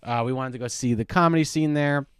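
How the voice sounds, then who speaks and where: A man's voice: medium pitch, clear, resonant tone, dry recording, studio quality. A young man, a stand-up comedian, telling a story in casual podcast chat, rambling with many restarts. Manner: rambling, restarts a lot, talks fast.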